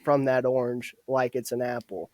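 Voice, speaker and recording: A man voicing a gruff male army drill sergeant who barks orders in a stern, mocking way. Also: mid-range voice, flat delivery, moderate pace, darkish tone, dry recording, lightly acted.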